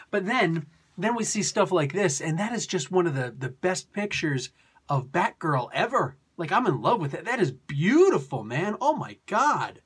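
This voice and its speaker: Husky exasperated comic reviewer man. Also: a little high, fairly bright tone. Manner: exasperated, rambling, mock-quoting. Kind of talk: casual review rant.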